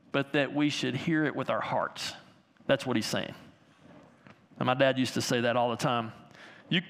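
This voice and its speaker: A man preaching a sermon as pastor, animated and talking to the children in his congregation with everyday examples. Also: fairly high pitch. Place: church sanctuary. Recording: long hall reverb.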